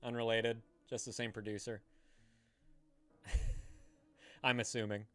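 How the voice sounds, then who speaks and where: A man's voice: medium pitch, little pitch movement, takes it slowly, music in the background. An American man hosting a live stream in casual chat, swearing freely and greeting viewers by name. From United States. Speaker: streamer host.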